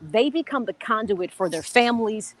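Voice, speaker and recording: A woman's voice: fairly high pitch, lively intonation, normal speed, no room sound. Chatty woman co-hosting live. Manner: chatty, fillers like "you know what I'm saying". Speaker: co-host. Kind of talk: live sports radio chat. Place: golf country club, on location.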